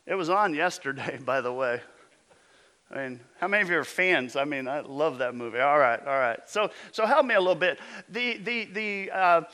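A man preaching a sermon as pastor, emphatic, with his voice often dropping low and intense. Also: moderate pace, bright, forceful tone.

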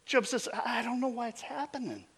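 A middle-aged man preaching a sermon in an animated, emphatic way, often restarting his phrases. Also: extremely high pitch, a little fast, slightly rough. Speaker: pastor.

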